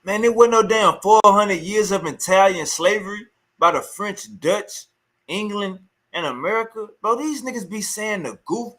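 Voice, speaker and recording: A man's voice: high voice, normal speed, sharp tone. A man reacting to a clip in heated, scornful casual commentary, repeating himself as he rants. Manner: heated, scornful, repetitive ranting.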